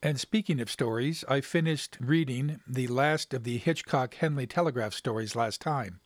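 Measured male podcast host, dry sound. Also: medium pitch, no echo. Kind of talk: reading a story aloud and commenting.

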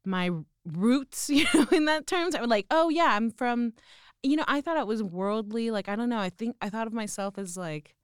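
A young woman with a Texan accent chatting casually as a guest, self-deprecating and quick to laugh. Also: fairly high pitch, smooth, no echo, studio quality. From Texas. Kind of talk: casual chat.

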